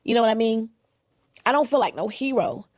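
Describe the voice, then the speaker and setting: A woman making an emotional confession on a talk show, tearful, halting and raw. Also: fairly high pitch, lively intonation, dry recording, clean studio sound.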